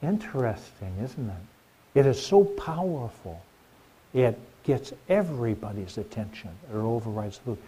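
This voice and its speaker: Mellow-voiced man preaching a sermon. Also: medium pitch, big pitch swings, measured pace, slightly rough. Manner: conversational, rhetorical questions to the congregation.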